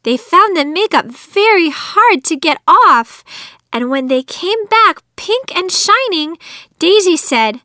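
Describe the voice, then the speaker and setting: A woman reading a children's storybook aloud, clear and expressive, in scripted narration on a close studio mic. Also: sits high, takes it slowly, dry recording.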